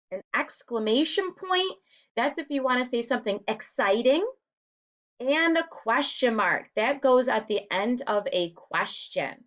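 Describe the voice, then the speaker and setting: A woman teacher walking young children through a writing lesson in a slow, deliberate, encouraging way. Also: on the high side, a bit bright. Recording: dull, lo-fi home recording.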